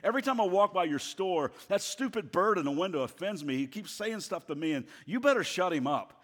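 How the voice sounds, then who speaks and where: A man's voice: high-pitched, lively intonation, fairly quick, fairly bright tone, long reverb tail, voice pushed up. A man voicing an offended woman complaining to a store manager, speaking in a raised, indignant way.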